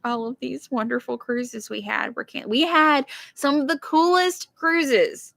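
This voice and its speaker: A woman co-hosting a relaxed live stream from her backyard. She talks chattily, reads viewer comments aloud and laughs often. Her voice has a bright, forward tone, and it sounds dry and close. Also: high-pitched, unhurried, creaky, no echo. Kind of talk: casual live-stream chat. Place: backyard, outdoors.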